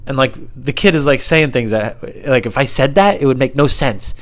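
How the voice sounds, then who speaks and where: A man's voice: lively intonation, normal speed. A young man hosting a solo podcast from home, rambling and self-deprecating. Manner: self-deprecating, meandering, puts on squeaky voices for others. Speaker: podcast host. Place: home room, alone.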